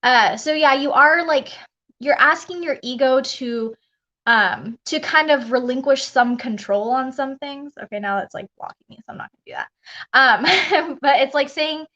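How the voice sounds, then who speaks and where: A woman's voice: high voice, measured pace, pushed and bright. Chatty woman on a dull live stream. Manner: chatty, rambling, laughs often. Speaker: spiritual coach. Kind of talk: casual live stream chat.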